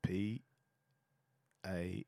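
A man's voice: sits low, steady tone, very slow, vocal fry, dark tone, dry recording. A man co-hosting a podcast in crude, joking casual chat, profane and playful as he riffs on bits. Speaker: podcast co-host.

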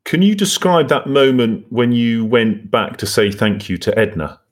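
A man hosting a podcast, asking questions and listening with soft murmured agreement. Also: mid-range voice, expressive, normal speed. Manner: attentive, soft murmured backchannels. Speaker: podcast host. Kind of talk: interview questions.

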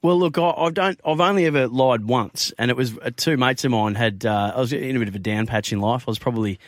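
Australian male radio co-host, quick patter, dry close studio mic, casual self-mocking banter. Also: mid-range voice, no room sound. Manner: chatty, self-deprecating storyteller. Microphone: studio microphone.

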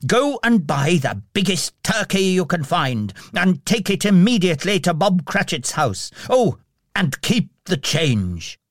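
A man's voice: big pitch swings, measured pace, dry recording, studio quality, exaggerated voice. A man doing giddy old Scrooge. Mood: giddy joyful. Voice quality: high, giddy, breathless exclamations. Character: old male miser, overjoyed and giddy.

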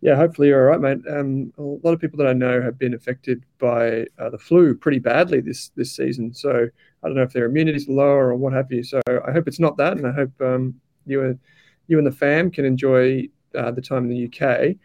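Relaxed Australian man hosting a podcast. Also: mid-range voice, fairly quick, gravelly, muffled recording. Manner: relaxed, friendly, says "mate" and "um" often. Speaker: podcast host. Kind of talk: casual interview chat.

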